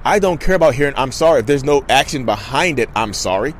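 A man in his thirties hosting a podcast, talking in a casual, animated monologue and mimicking people in quick asides. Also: medium pitch, slight background noise. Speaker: podcast host.

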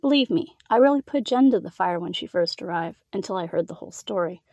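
A woman's voice: on the low side, animated, quick pace, dark tone, dry recording, muffled recording. Woman playing icy female executive, clipped, taunting, dry close sound. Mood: cold. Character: cold commanding female executive.

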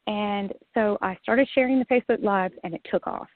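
Speaking briskly in a mid-range voice, a woman guest shares her own story in a casual interview, livening it up by performing her past remarks and laughing a lot. The line is dry and phone-like, with no room sound.

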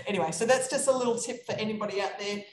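A woman coaching real estate investors, talking in a lively, animated way on a live podcast chat over a video call. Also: medium pitch, quick pace. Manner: energetic, animated storytelling. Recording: echoey room with faint background noise.

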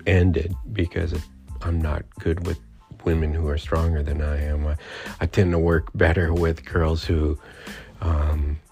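A man's voice: very deep voice, little pitch movement, measured pace, creaky, warm tone, faint music behind. A middle-aged man hosting a podcast, telling a personal story in a rambling, reflective way with many fillers and restarts. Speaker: podcast host.

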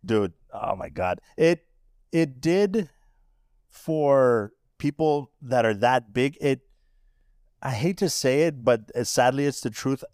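Male podcast co-host, mid pitch, dry close sound, swears a lot, emphatic and emotional. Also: unhurried, darkish tone, dry recording. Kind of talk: casual chat.

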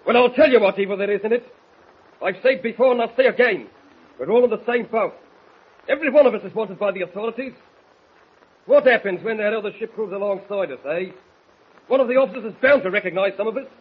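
An actor playing a rough sailor leading a mutiny, with gruff, bullying commands in a 1940s radio drama, on a noisy lo-fi old transcription. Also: male voice, sits high, quick pace, long pauses. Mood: scheming. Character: menacing Cockney mutineer ringleader, rough sailor.

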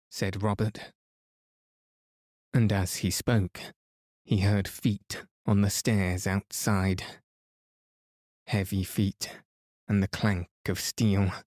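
A man calmly reading a children's book aloud as a bedtime story for sleep. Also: on the low side, no echo, clean studio sound. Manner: calm, soothing. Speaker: podcast reader.

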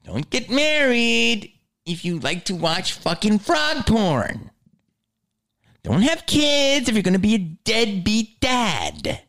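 A man delivering a heated, profane ranting monologue, swinging between low growls and high outbursts. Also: huge pitch swings, slow pace, vocal fry, fairly bright tone.

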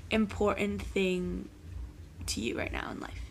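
A woman's voice: mid-range voice, flat delivery, a little slow, gravelly, whispered. A woman hosting a podcast interview, asking questions in a casual way and agreeing readily. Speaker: podcast host.

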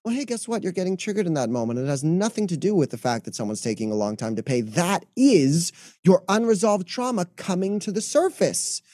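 A man who works as a mental health coach, explaining in podcast talk and acting out inner voices in quick asides. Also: sits high, big pitch swings, dark tone, dry recording, studio quality.

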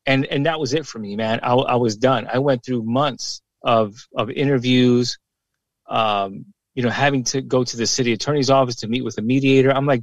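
A man's voice: medium pitch, fairly even intonation, a little fast, dry recording, dull audio. A former police officer in his forties, talking bluntly and emphatically in a casual podcast conversation, with plenty of swearing and repeated words.

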